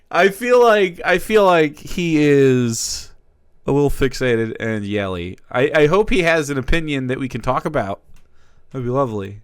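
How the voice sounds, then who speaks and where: A man's voice: medium pitch, animated, a little slow, smooth, no room sound, clean studio sound. A man streaming live, giving sarcastic, mocking commentary on a video clip. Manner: sarcastic, mocking asides with laughs. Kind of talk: casual commentary.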